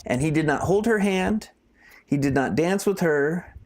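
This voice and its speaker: A man's voice: fairly high pitch, expressive, a little slow. A man co-hosting a loose live-stream chat, his voice sitting a little above the usual male range. He rambles through anecdotes and often trails off before finishing a thought. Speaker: co-host.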